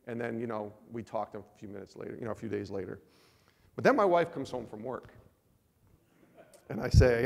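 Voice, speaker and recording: A man's voice: medium pitch, a little fast, creaky, long reverb tail. A man in his forties sharing a personal testimony with a men's group, acting out both sides of his conversations. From Northeast US. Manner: animated storytelling, acts out both sides of conversations. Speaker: speaker at a men's ministry event.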